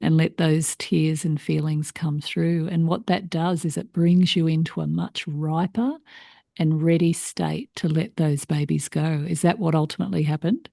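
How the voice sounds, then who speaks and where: A woman's voice: low-pitched, fairly even intonation, normal speed, gravelly, warm tone, no echo, clean studio sound. A woman hosting a parenting podcast, explaining frankly and reflectively to her guest. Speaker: podcast host. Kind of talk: interview conversation.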